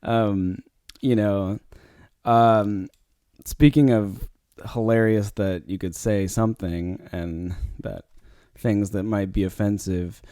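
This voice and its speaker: A man's voice: lowish voice, fairly even intonation, slow pace, dark tone, clear, resonant tone, no room sound. A man hosting his own podcast, talking casually and rambling, with lots of fillers and restarts, into a close mic. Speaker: podcast host. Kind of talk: casual solo podcast talk.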